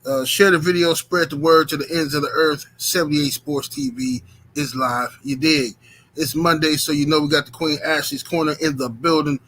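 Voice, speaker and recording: Male stream host, bright and a little high, casual and chatty, big on viewer shout-outs. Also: moderate pace. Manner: hypes the chat, shouts out viewers by name; relaxed with many fillers. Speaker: host of a boxing talk stream. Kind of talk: casual live-stream chat.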